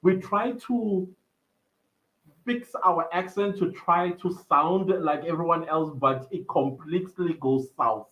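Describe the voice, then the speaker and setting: A young South African man hosts a livestream, talking slowly in a slightly high voice as he chats casually, reads viewer comments aloud, and laughs often. The computer mic gives the stream a slightly dull, lo-fi sound.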